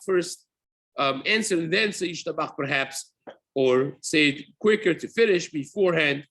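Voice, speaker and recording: A man's voice: a little high, fairly bright tone, breathy edge. A rabbi giving a daily halacha class, explaining step by step, often repeating and rephrasing himself and weaving Hebrew terms into his English. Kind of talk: spoken Torah class.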